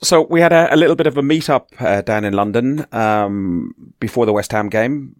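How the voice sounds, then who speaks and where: A man hosting a podcast in casual chat, chatty and quick to laugh, swearing freely. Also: medium pitch, lively intonation, no room sound, clean studio sound. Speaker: podcast host.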